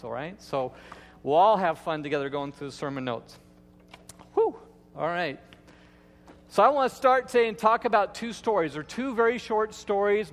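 A man who is the lead pastor, giving a sermon in a church with folksy, playful storytelling. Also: sits high. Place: church sanctuary. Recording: long hall reverb.

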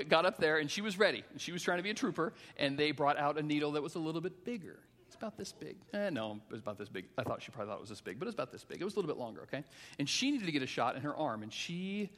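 A middle-aged male pastor preaching a sermon, telling a personal story with animated voices for his children. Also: fairly high pitch. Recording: long hall reverb.

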